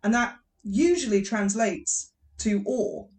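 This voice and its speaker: A woman's voice: fairly high pitch, slow, far from the mic. An English woman co-hosting a podcast, chatting casually and laughing often. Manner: giggly, animated, laughs often. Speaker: podcast co-host. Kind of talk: casual chat.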